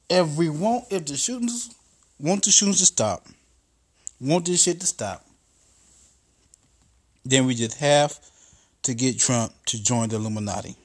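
A man's voice: a little high, expressive, measured pace, pauses often. A man hosting a podcast, telling a profane comedic story in a casual monologue that builds into exasperated rants. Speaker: podcast host.

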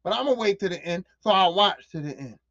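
A woman hosting a casual solo podcast, ranting in an animated, profane way and repeating phrases for emphasis. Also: medium pitch, brisk, no echo. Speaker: podcast host. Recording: dull lo-fi dry recording.

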